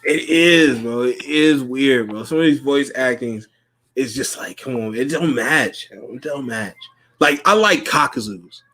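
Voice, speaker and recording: A man's voice: mid-range voice, unhurried, a bit bright. Profane, laughing podcast host, man. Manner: loose, profane, laughing often. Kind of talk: casual podcast chat.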